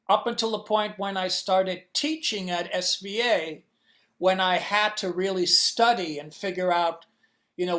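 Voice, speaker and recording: A man guest in an interview on a video call, answering in a halting way with many restarts as he searches for words. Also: high-pitched, fairly bright tone. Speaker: comics inker, guest.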